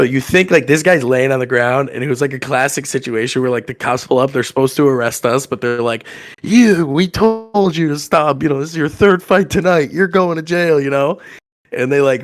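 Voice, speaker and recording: A young man from telling a rowdy story on a podcast, acting out the people in it with loud raised voices. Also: medium pitch. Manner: animated, acts out quotes with loud raised voices. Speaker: podcast guest telling stories. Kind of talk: casual storytelling.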